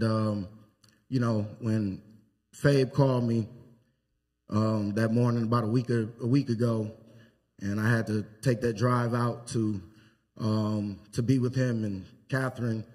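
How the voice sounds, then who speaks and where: A man giving a funeral eulogy in a church, telling anecdotes with pauses. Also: fairly low pitch, steady tone, a little mellow. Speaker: eulogy speaker. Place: church sanctuary.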